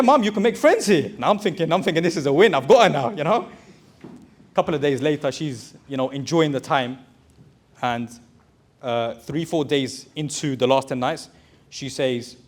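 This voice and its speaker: A man giving a motivational talk to a live audience, speaking conversationally and calling out to the crowd with slang. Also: fairly high pitch.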